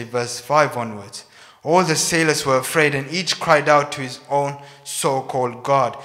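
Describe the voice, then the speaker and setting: Male preacher, animated storytelling sermon, bright forceful tone, long hall reverb. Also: medium pitch. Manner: storytelling, moving between loud and soft. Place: rented hall, live service.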